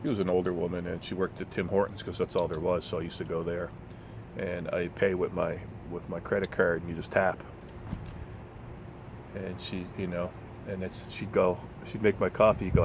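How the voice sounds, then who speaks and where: A man's voice: sits low, fairly even intonation, fairly quick, background noise. A man telling a blunt, profane story in a casual rant, sometimes mocking other people's voices, recorded on a phone outdoors in town. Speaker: vlogger.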